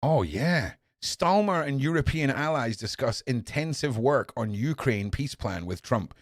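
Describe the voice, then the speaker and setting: A man reads news headlines and rants back at them, swearing freely. His pitch jumps all over, sliding from grumbled asides up to furious yelling. The sound is dry and close, with no room echo. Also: animated, a little slow. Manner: swears a lot, swings from muttering to shouting. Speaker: podcast host reading news. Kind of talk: ranting news commentary.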